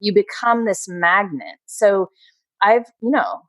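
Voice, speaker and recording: A woman's voice: medium pitch, takes it slowly, dry recording. A middle-aged woman, a podcast guest, speaking passionately and motivationally in casual conversation. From Maryland, USA. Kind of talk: casual interview chat.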